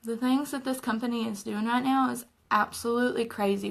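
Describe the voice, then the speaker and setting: A woman's voice: fairly high pitch, steady tone, fairly quick, vocal fry, hardly any pauses, poor audio. A young woman chatting casually and earnestly while doing her makeup at home in a tutorial vlog. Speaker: makeup vlogger.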